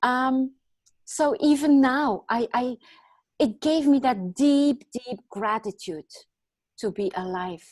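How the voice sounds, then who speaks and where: A woman's voice: sits high, slow pace, darkish tone, no room sound. A woman in her thirties, a guest in an interview, telling a personal story in an earnest, reflective way with many fillers.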